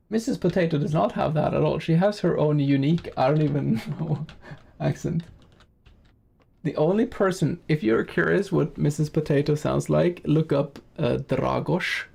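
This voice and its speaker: A male streamer chats with his viewers while he plays, his talk rambling and full of small self-corrections. His voice sits a bit high for a man, with a gravelly, fry-edged texture and a warm, mellow tone. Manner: rambling and chatty, self-correcting, laughs easily. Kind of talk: casual game-stream commentary, chatting with viewers.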